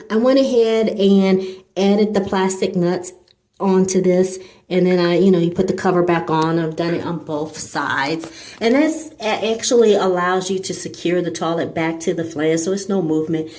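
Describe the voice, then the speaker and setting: Chatty woman with a lowish voice filming a DIY repair. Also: fairly even intonation, moderate pace, a little mellow. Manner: chatty, rambling with fillers and restarts. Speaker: DIY home improvement vlogger. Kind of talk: casual how-to narration. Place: small home bathroom.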